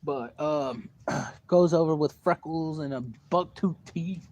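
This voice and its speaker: A teenage boy telling a long, animated story to the camera at home, full of fillers and cursing. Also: a little high, slow. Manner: animated, profane, rambling with fillers. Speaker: vlogger. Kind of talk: casual storytelling. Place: at home, indoors. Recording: dull lo-fi home recording, faint background noise.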